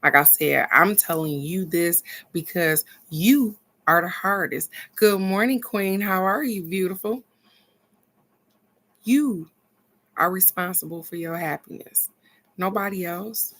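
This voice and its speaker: A middle-aged woman giving a casual motivational talk, animated and earnest, moving between excited bursts and soft encouragement. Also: on the low side, a little slow. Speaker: spiritual card reader and vlog host.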